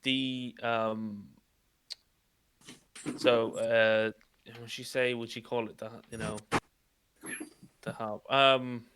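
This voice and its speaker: Irish guy at a tabletop game, thinking out loud, bright pushy voice. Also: mid-range voice, little pitch movement, slow, pauses often, slight background noise. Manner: hesitant, thinking aloud. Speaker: player. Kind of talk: casual tabletop play.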